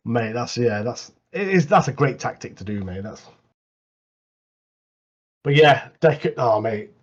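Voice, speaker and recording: Guy on a podcast, husky voice, sounds kinda muffled and lo-fi. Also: mid-range voice, unhurried. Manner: animated, repeats mate a lot. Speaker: podcast co-host. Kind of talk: casual chat. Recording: dull lo-fi mic.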